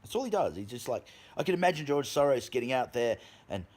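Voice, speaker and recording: An Australian man rants straight to his viewers, his voice leaping up and down in pitch as he hammers his points. He talks in a loose, profane, animated way, sitting at an everyday middle pitch for a man. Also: fast talker. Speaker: vlogger. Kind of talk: ranting monologue.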